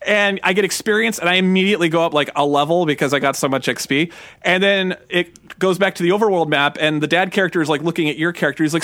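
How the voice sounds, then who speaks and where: A man in his late thirties with a high, bright voice, chatting casually as a podcast co-host. He tells stories with lots of acted-out quotes. The sound is dry and close. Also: fast talker, no echo. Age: 30s. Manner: animated, acts out quotes in a high put-on voice. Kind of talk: casual chat retelling a game.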